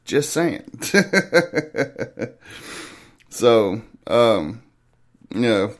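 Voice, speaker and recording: A man's voice: medium pitch, very animated, very slow. A man hosting a morning show, chatting casually in a rambling, profane way and laughing easily. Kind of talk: casual chat.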